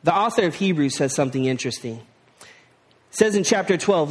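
A man's voice: a little high, animated, fairly quick, pauses often, long reverb tail. A man preaching a sermon in a conversational way, asking the listeners rhetorical questions and slipping into slang. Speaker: pastor.

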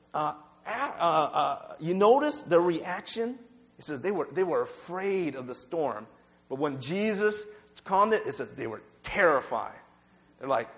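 High-voiced man preaching, "right?" often. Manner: conversational preaching, repeats words, asks "right?" often. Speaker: pastor. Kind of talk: sermon.

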